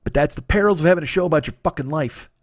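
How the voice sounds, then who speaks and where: A man's voice: fairly high pitch, racing, no echo, studio quality. A man, hosting a solo comedy podcast, rambling in a profane, self-deprecating way. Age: 40s. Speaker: podcast host.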